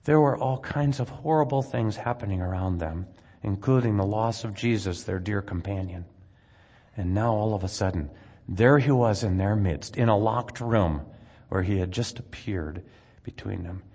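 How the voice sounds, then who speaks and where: A man preaching a sermon, earnestly retelling scripture with dramatic rises and drops in loudness. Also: on the low side, animated, moderate pace, slightly rough. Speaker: pastor. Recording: long hall reverb.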